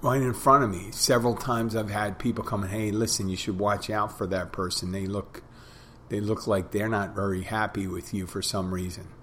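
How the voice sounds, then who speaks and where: Lowish voiced bartender guy rambling casually, bit of hiss behind. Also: flat delivery. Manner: plain-spoken, halting with restarts and fillers. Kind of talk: casual storytelling monologue.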